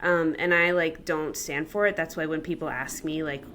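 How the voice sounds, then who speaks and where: Rambling woman co-host, low voice. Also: fairly even intonation, normal speed, a bit bright. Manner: rambling, heavy use of "like". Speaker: podcast co-host. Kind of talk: casual conversation.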